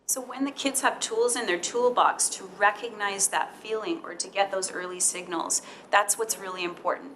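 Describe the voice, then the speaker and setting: Calm-speaking school counselor woman. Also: mid-range voice, moderate pace, few pauses, slight background noise, poor audio. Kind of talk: presenting at a parent talk.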